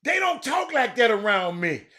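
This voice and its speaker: Middle-aged man, sports talk host, high voice, animated and teasing. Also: normal speed. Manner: animated, teasing, breaks into loud exclamations. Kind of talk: casual live-stream chat reading the comments.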